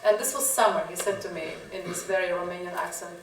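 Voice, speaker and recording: A woman's voice: lowish voice, quick pace. Woman, photographer at a gallery Q&A; easy storytelling manner; distant mic in a reverberant room. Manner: chatty storytelling, frequent laughs and "you know". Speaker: photographer answering audience questions. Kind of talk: gallery Q&A talk. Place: gallery talk in front of an audience. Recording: echoey room, voice from a distance, faint hiss.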